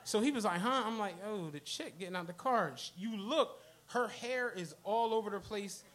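Voicing everyone he quotes, a male podcast co-host spins a profane story for a live crowd on a comedy club stage. His very high voice sounds bright and forceful at a normal speed, and he's animated throughout.

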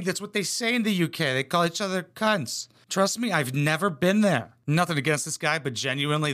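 A young man with a high, bright voice runs a comedic reaction commentary. He is crude and sarcastic and swears freely. His tone stays sharp and lifted.

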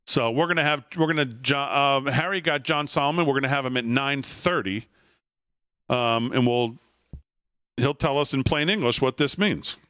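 A man's voice: medium pitch, pushed and bright, no echo, clean studio sound. A man hosting a political talk show, reading news and bantering with jokes. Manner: brisk, jokey banter. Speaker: host.

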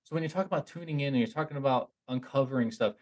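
A young man with a slightly husky, mid-pitched voice tells a story on his podcast. He rambles and restarts a lot, gets animated, and pokes fun at himself. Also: racing. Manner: animated, rambling, self-mocking, with frequent restarts. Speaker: podcast host. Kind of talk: casual storytelling monologue.

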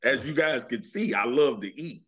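A man from Louisiana with a Southern US accent, a sports analyst guest chatting in a folksy, animated way. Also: mid-range voice, moderate pace, background noise. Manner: folksy, animated, warm-humored. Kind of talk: casual interview chat.

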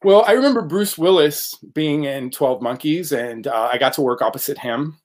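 A man's voice: a little high, normal speed. A man who works as an actor, chatting casually in an interview, rambling with lots of fillers and restarts. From United States. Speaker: actor guest.

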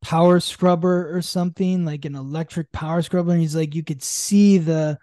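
Mellow-voiced man explaining astrology casually. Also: fairly even intonation, moderate pace, dry recording, clean studio sound. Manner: rambling, many fillers and restarts; acts out quoted speech with big pitch jumps. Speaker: astrology podcast co-host.

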